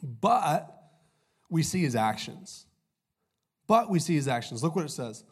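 A young pastor preaches in a loose, conversational way, throwing in "y'all" and small jokes. His voice is slightly rough from a cold, and he speaks into a stage mic. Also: on the high side, very animated, unhurried. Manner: conversational, jokey, says "y'all" often. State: recovering from a cold, voice a little off. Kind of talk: sermon.

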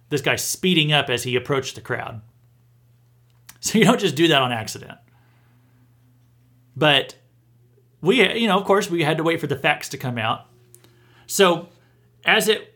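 A man's voice: a little high, bright, forceful tone. A man hosting a podcast, giving indignant news commentary with emphatic restarts. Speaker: podcast host.

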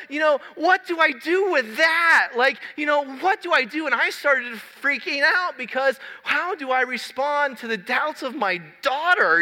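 A man in his thirties preaching a sermon in a large church hall, telling a story in a lively, conversational way. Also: very high voice. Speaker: pastor. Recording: long hall reverb.

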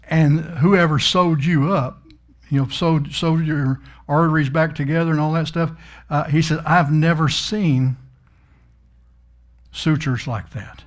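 A middle-aged man delivers a sermon as a told story, folksy and emphatic. His voice sits a little high for a man, and he leans hard on the words he wants to land. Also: steady tone, a little slow. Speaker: preacher.

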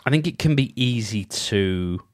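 A man with a lowish voice rambles through a casual solo monologue, thinking aloud as he goes. He restarts sentences and leans on little fillers. The recording is dry and close, with no room sound. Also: expressive, a little slow, no echo. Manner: rambling, full of restarts and "you know".

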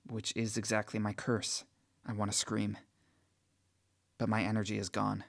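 A man's voice: fairly low pitch, monotone, moderate pace, gravelly, long pauses. A man reading first-person audiobook narration with emotional, tearful outbursts.

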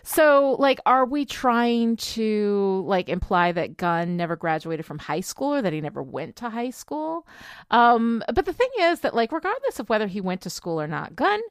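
A woman's voice: mid-range voice, moderate pace, clean tone, no echo, clean studio sound. A woman co-hosting a podcast, chatting casually and critiquing an episode with lots of fillers. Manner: animated, many fillers. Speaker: podcast co-host. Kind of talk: casual chat.

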